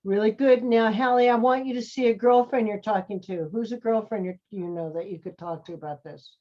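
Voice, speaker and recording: An acting teacher with a medium-pitched voice speaks fairly quickly as she coaches students in an online class. On the dull lo-fi video call, she's encouraging, calling them sweetie and honey.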